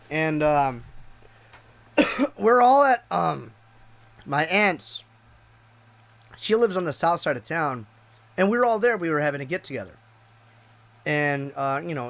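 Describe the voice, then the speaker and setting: A man's voice: fairly high pitch, fairly bright tone. A man casually telling a personal story, rambling and profane, with lots of restarts. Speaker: YouTube streamer.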